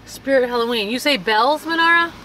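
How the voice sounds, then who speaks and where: A woman's voice: high-pitched, brisk, sharp tone, slight background noise. A woman vlogging with a handheld camera in a costume store, chatty and giggly, a little congested in the chest. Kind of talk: casual chat. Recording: crowded store chatter behind.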